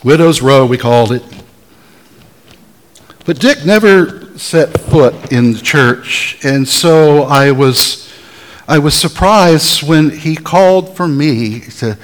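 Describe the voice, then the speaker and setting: A man preaching a sermon as a pastor, telling stories in a deliberate way and having the congregation answer back. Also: on the high side, big-room sound, poor audio. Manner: deliberate, storytelling preacher who has the audience answer back.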